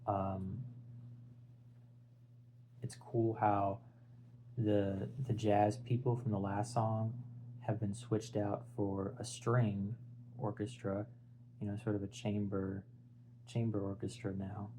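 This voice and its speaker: Young guy rambling about an album, kinda mellow and low, faint hum in the back. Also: little pitch movement, slow, long pauses, poor audio. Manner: rambling, filler-heavy, restarts and searches for words. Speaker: music video essayist. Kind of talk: casual unscripted album talk.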